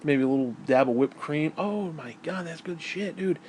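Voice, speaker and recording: Man, vlogger, crude and ranting, rambling chat, a little high-pitched, faint background hum. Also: moderate pace, a little mellow. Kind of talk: casual rambling monologue.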